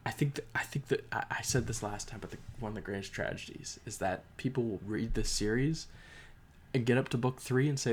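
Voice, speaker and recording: A young man talks through his thoughts on a book in a loose, unscripted way. He gets carried away, stumbles over his words and restarts sentences often. His voice sits at an ordinary middle pitch for a man. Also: expressive, normal speed. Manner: emotional, rambling, frequent restarts and fillers. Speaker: book reviewer. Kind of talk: casual spoken book review.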